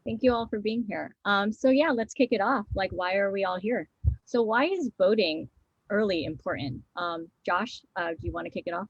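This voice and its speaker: A woman moderates an online panel casually, with plenty of fillers. Her voice is husky and gravelly, and the sound is dry and close. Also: medium pitch, normal speed, dry recording, muffled recording.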